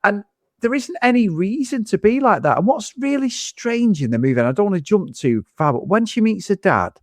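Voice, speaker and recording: A man co-hosting a podcast, talking about a film in a loose, sweary rant. His pitch jumps all over the place as he gets worked up, and the sound is dry and close, with no room around it. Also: a little fast, no room sound. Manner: animated, sweary, ranting. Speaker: podcast co-host. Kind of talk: casual film review chat.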